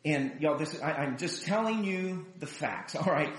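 A man with a high voice preaches in an echoey room. He talks in a chatty, lively way and acts out the people in his story. He sounds like a pastor giving a storytelling sermon. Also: a little slow. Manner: animated, chatty storyteller who acts out quotes. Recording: roomy echo.

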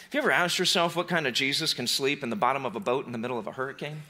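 A male pastor preaching a sermon in a conversational way, with playful asides and animated re-enactments of scenes. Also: mid-range voice, very fast.

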